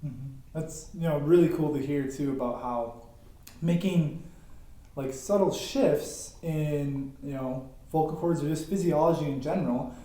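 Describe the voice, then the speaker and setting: A man's voice: on the high side, measured pace, warm tone. A man hosting a podcast interview, affirming his guest with frequent thanks and murmurs of agreement. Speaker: podcast host. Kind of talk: casual interview talk. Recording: very echoey room.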